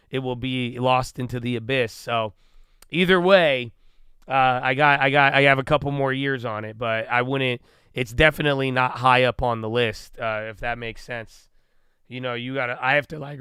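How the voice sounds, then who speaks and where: Bright, crisp-voiced man on a livestream. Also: medium pitch, no room sound, studio quality. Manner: animated, swearing, acts out his own inner dialogue. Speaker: livestream host. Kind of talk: casual livestream chat.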